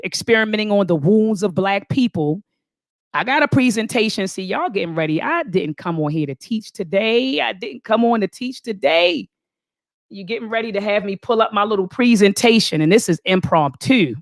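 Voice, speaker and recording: A woman's voice: mid-range voice, no room sound, studio quality. Impassioned woman hosting a live stream. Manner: impassioned, preacher-like, calls the audience "family"; thinks aloud, restarts and repeats phrases. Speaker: host of a live online talk show. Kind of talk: impromptu live-stream commentary, reading viewer comments aloud.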